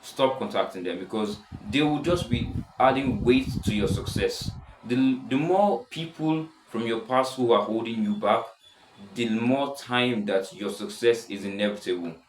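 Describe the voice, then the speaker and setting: A seventeen-year-old boy with a deep voice, rambling casually in a self-improvement vlog, full of restarts. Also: unhurried, roomy sound, noisy background. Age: teens. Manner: rambling, many restarts and "stuff like that". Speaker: vlogger.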